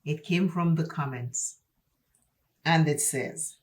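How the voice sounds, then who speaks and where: Lady with an accent chatting thru her makeup, slow and lowish, preachy, keeps saying things twice. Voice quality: speaks with an accent. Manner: emphatic, preachy, repeats for stress. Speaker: beauty vlogger. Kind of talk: chatty get-ready-with-me talk.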